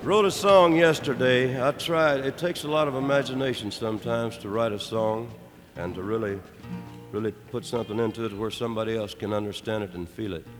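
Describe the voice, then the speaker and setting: A man's voice: mid-range voice, a little fast. A man singer telling a loose, joking story between songs on a concert stage inside a prison. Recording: live hall reverb with guitar music.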